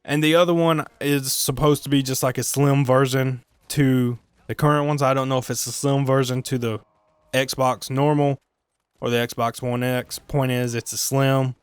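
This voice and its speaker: Male gaming vlogger, mid-range pitch, resonant voice, dry close sound, rambling self-mocking delivery. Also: flat delivery, normal speed, clear, resonant tone, no room sound. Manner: joking, self-mocking, sidetracked asides; stumbles and restarts often. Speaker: gaming video creator. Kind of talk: rambling solo gaming commentary.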